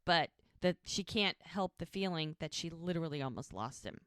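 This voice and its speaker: A woman co-hosting a podcast, retelling the scenes of a TV episode in a lively, chatty way. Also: low voice, moderate pace, no echo, clean studio sound. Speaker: podcast co-host. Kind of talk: casual episode recap chat.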